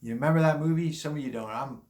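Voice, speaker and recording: A man's voice: a little high, fast talker, darkish tone, echoey room. A man in his fifties, a little drunk, giving blunt, rambling warnings in a casual monologue. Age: 50s. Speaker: vlogger.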